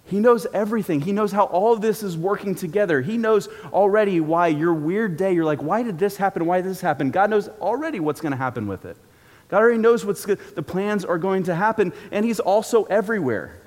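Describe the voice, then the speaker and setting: A man's voice: high voice, animated, a little fast. A man preaching a sermon in a church auditorium, in a casual, joking, conversational way. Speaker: pastor. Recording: long reverb from a large hall.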